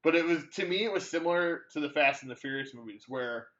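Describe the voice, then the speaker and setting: A man's voice: a little high, fast, a bit bright, muffled recording. A man co-hosting a movie podcast, chatting casually with a rambling delivery full of fillers and restarts. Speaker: podcast co-host. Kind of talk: casual movie-review chat.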